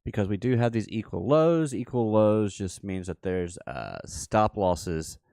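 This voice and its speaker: A man hosts a livestreamed trading workshop. He thinks aloud at an unhurried pace in a lowish voice, often stopping to correct himself. His voice sounds close and dry, with no room around it. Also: expressive, gravelly, dark tone, no room sound. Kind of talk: livestream chart walkthrough.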